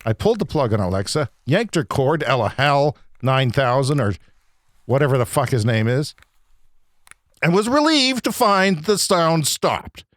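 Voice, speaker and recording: A man hosting a podcast, delivering an agitated, profane comedic rant that swings between loud outbursts and low muttering. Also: very animated, normal speed, no room sound, clean studio sound. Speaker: podcast host. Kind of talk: ranting comedic monologue.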